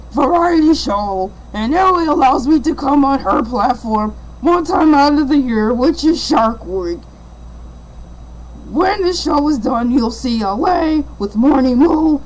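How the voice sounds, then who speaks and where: A woman's voice: high-pitched, a little hiss or hum, poor audio. A woman voicing a boastful talking shark who fills in as livestream host, chatting in a rambling way. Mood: playful. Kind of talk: rambling livestream in-character patter.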